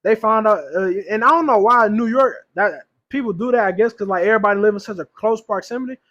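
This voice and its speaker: A young man with a very high-pitched voice chats on a casual podcast. He spins stories in loose slang and laughs often. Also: quick pace, fairly bright tone, highs cut off. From Louisiana or Texas, US South. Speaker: podcast co-host.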